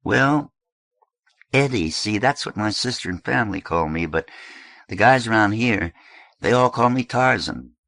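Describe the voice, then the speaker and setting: A man voicing an awkward, earnest young man who speaks haltingly. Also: lowish voice, animated, vocal fry, fairly bright tone, no echo, pitched above the performer's own voice, heavily acted. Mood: hesitant. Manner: hesitant, halting.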